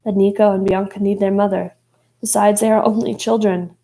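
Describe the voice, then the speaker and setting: A woman voicing a calm, defiant mother with an Italian accent. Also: medium pitch, fairly quick, natural voice.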